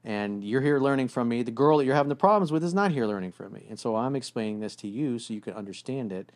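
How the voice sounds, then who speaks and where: A male podcast host talks in a blunt, casual way and swears freely. His voice sits at an ordinary middle pitch. He speaks straight to the men in his audience and lectures them with confidence. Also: fast, darkish tone. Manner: acts out quoted lines in exaggerated voices. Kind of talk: casual advice talk.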